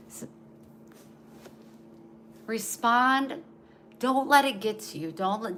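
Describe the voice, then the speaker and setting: A woman speaks slowly and tenderly in a home vlog. She pauses often and runs short of breath. A faint hum of background noise sits under her voice. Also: fairly low pitch, a bit bright. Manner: earnest and tender, with frequent pauses. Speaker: vlogger. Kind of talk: casual home vlog, talking to her dogs and giving heartfelt advice.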